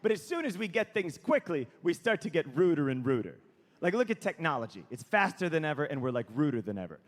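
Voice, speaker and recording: A man's voice: a little high, fast. A man in his thirties doing stand-up comedy, telling stories and acting out characters. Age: 30s. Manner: animated storytelling, acts out characters. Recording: echoey hall with faint noise.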